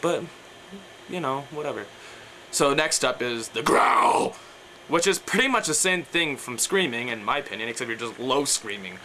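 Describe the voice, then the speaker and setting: A man's voice: medium pitch, lively intonation, moderate pace, noisy background. A young man explaining death metal vocals in a casual, rambling way, full of fillers and trailing off, breaking into growls and screams as he demonstrates. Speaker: vocal tutorial maker.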